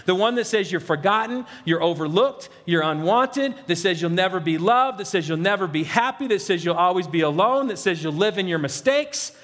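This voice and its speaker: High-voiced preacher in a reverberant hall. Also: male voice, expressive, moderate pace, hardly any pauses, a bit bright. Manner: earnest, emphatic preaching. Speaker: pastor. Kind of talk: sermon.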